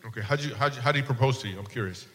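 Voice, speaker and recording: A male stand-up with a medium-pitched voice talks very fast as he does crowd work, jokingly teasing audience members and laughing at his own bits. His handheld stage mic captures long hall reverb and faint room noise.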